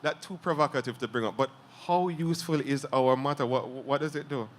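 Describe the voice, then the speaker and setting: A man's voice: medium pitch, fairly quick. Jamaican man asking long thoughtful questions. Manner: thoughtful, laughs easily, long framing questions. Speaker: interviewer. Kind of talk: conversational interview at a literary event.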